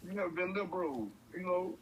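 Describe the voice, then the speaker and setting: A man's voice: sits high, a little hiss or hum, poor audio. A man co-hosting a casual podcast, teasing and laughing through his lines. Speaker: podcast co-host.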